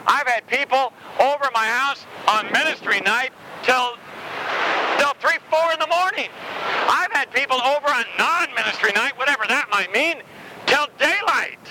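A man's voice: very high-pitched, moderate pace. A man preaching an outdoor sermon, emphatic and conversational, laughing often. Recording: loud outdoor traffic noise.

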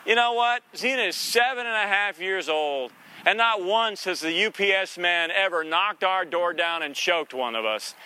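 A man with a high, very bright voice preaches in a loose, chatty way. He is sarcastic and folksy, and he slips into playful voices now and then to make his point. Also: expressive, normal speed, clean tone. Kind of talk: conversational sermon.

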